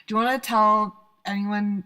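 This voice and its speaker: A woman's voice: medium pitch, level tone, moderate pace, smooth. A woman hosting a podcast, chatting casually and thanking her guest effusively. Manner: warm and effusive, thanks often. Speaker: podcast host. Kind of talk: casual interview chat.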